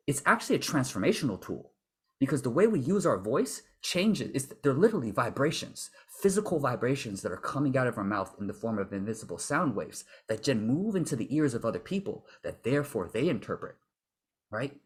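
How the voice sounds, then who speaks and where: A man who works as a vocal confidence coach, leading a workshop in an animated way and sometimes acting out other voices. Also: medium pitch, a little fast, breathy edge. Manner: animated, acts out voices and impressions. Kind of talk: workshop talk.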